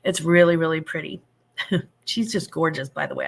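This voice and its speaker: A woman's voice: low voice, moderate pace, gravelly, slightly rough. A woman in her fifties hosting a casual live-stream chat. She rambles happily with lots of fillers and restarts, and greets viewers with pet names like sugar and honey. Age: 50s. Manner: affectionate, greets viewers with endearments.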